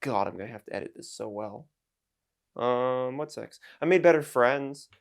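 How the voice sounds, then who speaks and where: A man's voice: medium pitch, normal speed, vocal fry. Rambling self-mocking guy. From United States. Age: 20s. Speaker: YouTuber and streamer. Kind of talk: casual vlog rant to camera.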